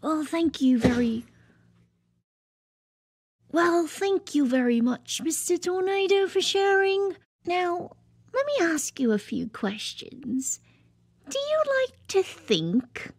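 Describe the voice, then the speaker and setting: Eccentric therapist played by a woman, slow breathy delivery, very high voice, dry recording. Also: big pitch swings, dry recording, exaggerated voice. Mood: calm. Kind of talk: cartoon voice acting.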